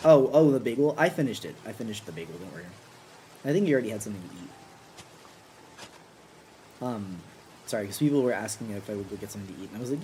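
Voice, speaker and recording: Male streamer, casual chat, animated pitch, playful. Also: fast, slight background noise, low-quality recording. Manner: lively, reads chat aloud and jokes.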